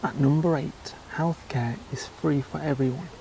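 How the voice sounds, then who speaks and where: A man's voice: on the high side, steady tone, normal speed, vocal fry, mellow, slight background noise, rough recording. An English man talking casually in a vlog, with dry, chatty asides. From England. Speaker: travel vlogger.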